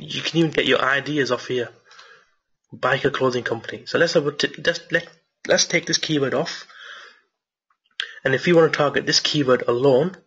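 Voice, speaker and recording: A man teaching a screen-share marketing tutorial and answering viewer questions, excited and repetitive, with lots of restarts, late at night. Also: mid-range voice, slightly rough, muffled recording. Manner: enthusiastic, repeats himself, many restarts.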